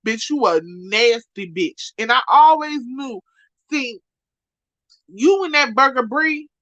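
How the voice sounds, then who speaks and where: A woman speaking, ranting profanely and trading insults on a live stream, loud one moment and muttering the next. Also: fairly high pitch, animated, slow, dry recording, poor audio. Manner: profane, insulting, repetitive, swings from shouting to muttering. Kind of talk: angry rant to a live stream.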